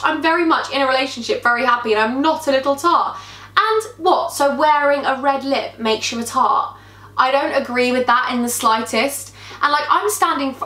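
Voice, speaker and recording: Chatty young woman vlogging makeup. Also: fairly high pitch. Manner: gossipy, animated storytelling while applying makeup. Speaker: beauty vlogger. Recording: echoey room.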